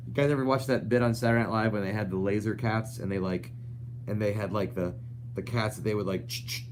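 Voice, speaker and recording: Young male host, low voice, loose rambling chat over faint hum. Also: fairly even intonation, quick pace. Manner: rambling, chatty, reads viewer comments aloud. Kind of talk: casual live-stream chat.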